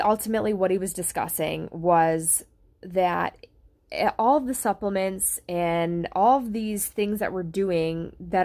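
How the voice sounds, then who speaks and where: A woman with a medium-pitched, somewhat dark voice shares a health experience from her couch at home. Addressing the camera personally and casually, she rambles with frequent fillers and restarts.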